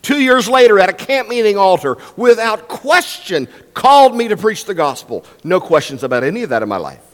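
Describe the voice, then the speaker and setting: A man's voice: sits high, very animated, brisk, hardly any pauses. An older man preaching a sermon as a guest pastor in a church, emphatic and varying his pace for effect. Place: church sanctuary. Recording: long reverb in a church hall.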